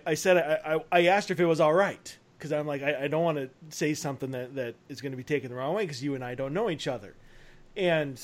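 A man hosting a casual interview, hesitant, stammering and quick to laugh. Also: a little high. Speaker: podcast host.

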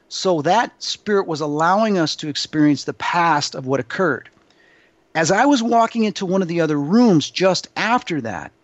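Guy telling a wild story, animated and emphatic, kinda high voice, dry dull lo-fi audio. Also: no echo. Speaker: psychic medium guest. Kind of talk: storytelling interview answer.

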